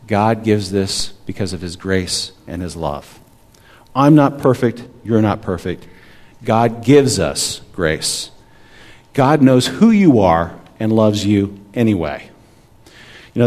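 A pastor in his forties, with a lowish, darkish voice, preaches a sermon in a conversational style. He frequently checks in with his congregation.

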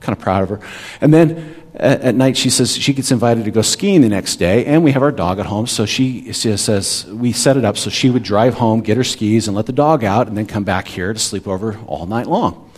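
A man's voice: on the low side, moderate pace, a little mellow, breathy edge. A man in his forties, a pastor, preaching a sermon in a conversational way and often checking in with the congregation.

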